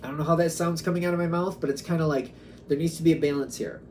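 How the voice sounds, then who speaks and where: A man's voice: on the high side, steady tone, fast, a little mellow, a little hiss or hum. A man giving a casual tarot reading, musing aloud and acting out quoted back-and-forths. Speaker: tarot reader.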